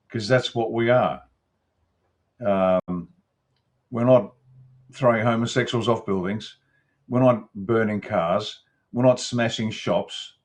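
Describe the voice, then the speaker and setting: An older Australian man, a guest commentator, talking emphatically in an interview, with restarts and throat clearing. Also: mid-range voice. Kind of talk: opinionated interview talk.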